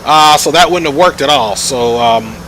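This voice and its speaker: A man's voice: mid-range voice, normal speed, fairly bright tone, slight background noise, poor audio. A man giving chatty live commentary while streaming a flight simulator, joking and thanking viewers as he goes.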